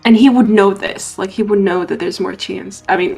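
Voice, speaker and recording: A woman player at a tabletop game speaks in a soft, musing way, working through her character's choices. Her voice sits in a middle range and comes across quiet and unhurried. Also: mid-range voice, steady tone, gravelly, husky, faint music behind. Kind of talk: casual play discussion.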